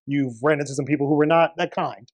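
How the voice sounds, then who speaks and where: A woman hosting a casual interview podcast, asking questions in a relaxed way and affirming her guest often. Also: sits low, quick pace. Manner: relaxed, lots of affirming backchannels. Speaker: podcast host.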